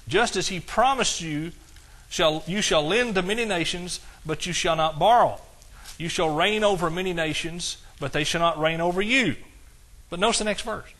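With a high, sharp-toned voice and an East Texas accent, a middle-aged pastor preaches in a folksy, exclamatory style while quoting scripture.

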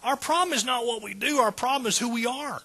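A man preaching a sermon in a high, bright voice with a husky grain. His delivery is folksy and conversational, and he keeps checking in with the listeners. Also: fairly quick. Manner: folksy, calls out to the congregation.

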